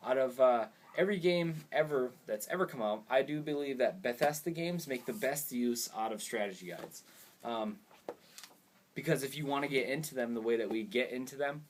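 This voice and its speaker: A man's voice: medium pitch, animated, moderate pace, slight background noise. A young man hosting a casual gaming vlog, rambling and easily distracted, often laughing at himself. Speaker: gaming video host.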